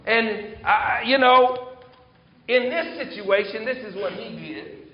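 High-voiced male preacher in a hall. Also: takes it slowly, a little hiss or hum. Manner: animated storytelling, reading scripture aloud. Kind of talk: sermon. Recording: echoey hall, dull sound.

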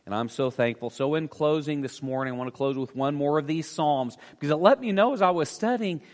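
A man's voice: a little high, a little fast. Earnest preaching man in a reverberant church. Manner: earnest, with swells of loudness and hushed drops. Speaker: pastor. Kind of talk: sermon. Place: church sanctuary.

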